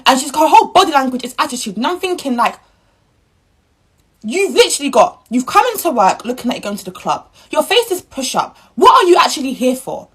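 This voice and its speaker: A woman's voice: sits high, a little fast, slightly rough, low-quality recording. A young woman, ranting bluntly and indignantly in a casual vlog. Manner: blunt, indignant, animated storytelling. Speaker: vlogger.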